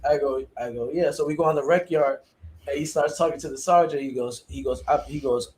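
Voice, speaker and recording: A man's voice: mid-range voice, a little fast, darkish tone, slight background noise. A man co-hosting a podcast, telling a funny jail story and mimicking the people in it. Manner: laughing, mimics voices in anecdotes. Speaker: podcast co-host, former corrections officer. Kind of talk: casual storytelling chat.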